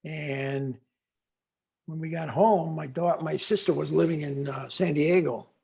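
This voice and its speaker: A man's voice: a little high, measured pace, creaky, husky. An older man on a video call, telling rambling stories about former students as a guest speaker. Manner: rambling with restarts, animated retelling. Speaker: guest speaker, longtime voyage faculty. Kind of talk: conversational storytelling.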